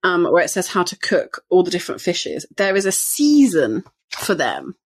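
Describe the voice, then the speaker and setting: Wry woman, lower lively voice. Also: normal speed, breathy edge. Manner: wry, blunt, joking. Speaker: podcast co-host. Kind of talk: casual chat.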